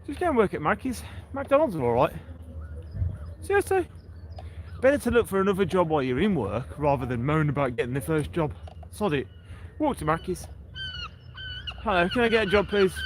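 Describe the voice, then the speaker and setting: Man, outdoor livestream host, chatty, lively pitch, faint background noise. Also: brisk, long pauses, low-quality recording. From England. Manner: chatty, rambling, talks to viewers by name. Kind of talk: casual walking livestream chat. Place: outdoors on a seaside breakwater.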